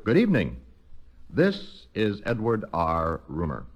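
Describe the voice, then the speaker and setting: A man's voice: lowish voice, huge pitch swings, a little slow, highs cut off, full character voice. A man playing a solemn television interviewer in a comedy record sketch, with a grave newsman delivery.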